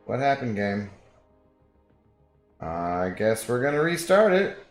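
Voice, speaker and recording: Lower-voiced man chatting on a game stream. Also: animated, slow pace, pauses often, roomy sound, soft background music. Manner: chatty, joking, reads chat aloud. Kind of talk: casual live-stream chat with viewers.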